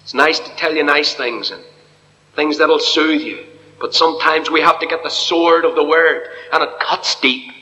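A man preaching an evangelical sermon to a congregation in church, impassioned, dropping to a hush and then rising high. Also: normal speed. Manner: impassioned, swinging from hushed to soaring. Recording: long reverb of a hall.

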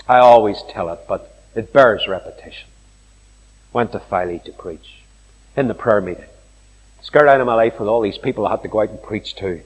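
A male preacher giving an animated sermon, telling stories and acting out the voices of the people in them. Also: on the low side, normal speed, husky. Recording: long hall reverb.

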